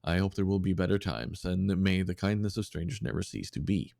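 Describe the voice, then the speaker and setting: A man's voice: low-pitched, lively intonation, a little fast, vocal fry, a little mellow, dry recording, clean studio sound. A man co-hosting a podcast in casual chat, reading out listener submissions with lots of fillers and restarts. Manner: rambling with many fillers, breaks into silly voices.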